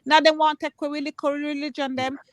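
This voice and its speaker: A woman with a Jamaican accent co-hosting a casual chat, animated and slipping into patois. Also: sits high, quick pace, dry recording, clean studio sound. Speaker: co-host.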